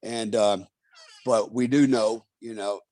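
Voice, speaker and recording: A man's voice: on the low side, fairly even intonation, takes it slowly, warm tone, no echo. A middle-aged man, an Army veteran and author, talking casually as a podcast guest in an emphatic, ranting way and often ending phrases with "man". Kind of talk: casual conversation and storytelling.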